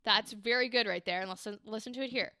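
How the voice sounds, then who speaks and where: A woman's voice: fairly high pitch, fast talker, pushed and bright, smooth, no echo, clean studio sound. A woman hosting a livestream, giving bubbly, encouraging critiques of voice acting takes in a chatty way.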